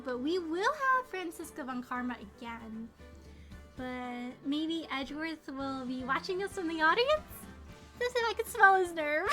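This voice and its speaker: Bubbly high-voiced woman streamer. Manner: bubbly, giggly, greets chatters by name. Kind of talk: live game stream commentary. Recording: stream with music behind.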